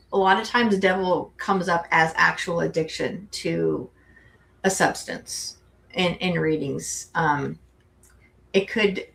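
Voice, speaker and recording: With a creaky voice on the low side, a middle-aged woman rambles through casual conversation on the tarot show she co-hosts, restarting frequently.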